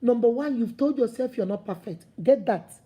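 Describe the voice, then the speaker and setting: A woman giving an animated, preachy motivational talk, acting out the voices of imagined people. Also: on the high side, moderate pace. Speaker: motivational speaker.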